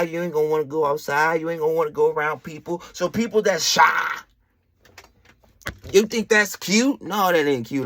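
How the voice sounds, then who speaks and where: A man's voice: a little high, fairly bright tone, no room sound. A man hosting a spiritual motivational podcast, preachy and slangy, talking straight to the listener. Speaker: podcast host.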